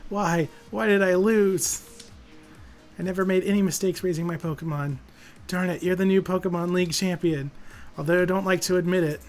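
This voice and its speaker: A man voicing a cocky young male game rival who is a sore loser, with loud, indignant whining. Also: high-pitched, steady tone, normal speed, faint music behind, pitched above the performer's own voice, natural voice.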